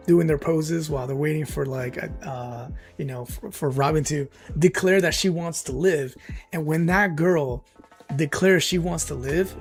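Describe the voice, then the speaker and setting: Excitable gravelly-voiced man rambling on stream. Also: on the high side. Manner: excited, rambling, emotional storytelling with many fillers. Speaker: streamer and channel host. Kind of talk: casual livestream chat.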